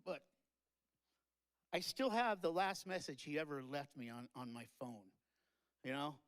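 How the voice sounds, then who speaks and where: A man's voice: a little high, animated, unhurried, clean tone, rough recording. A man giving a rambling, tearful and joking tribute speech at a memorial event. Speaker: eulogy speaker. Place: live-streamed memorial event.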